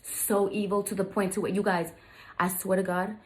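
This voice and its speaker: A woman's voice: mid-range voice, flat delivery, normal speed. A woman in her thirties telling a personal story in a chatty, casual way, often turning to her viewers. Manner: chatty, repeats "you guys" to viewers. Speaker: vlogger.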